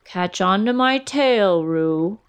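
A woman voicing Eeyore, a gloomy old donkey who grumbles slowly. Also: medium pitch, lively intonation, smooth. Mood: glum. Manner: grumbling, slow.

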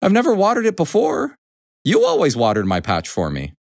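A man reading a storybook, voicing a fussy, hardworking mother hen in a high, emphatic voice. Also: wildly swooping pitch, moderate pace, dry recording, studio quality. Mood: dismayed.

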